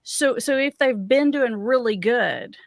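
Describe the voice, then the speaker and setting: A woman's voice: a little high, a little slow, dry recording, studio quality. A woman hosting a casual talk about addiction, thinking aloud and asking careful questions as a counselor. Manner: thoughtful, questioning, talks through ideas with restarts. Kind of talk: casual conversational discussion.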